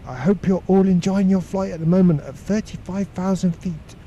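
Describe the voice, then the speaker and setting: A man putting on the voice of a quietly spoken male airline pilot making a polite cabin announcement. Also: high voice, normal speed, lo-fi sound, a little hiss or hum, voice pushed up, lightly acted. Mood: hushed polite.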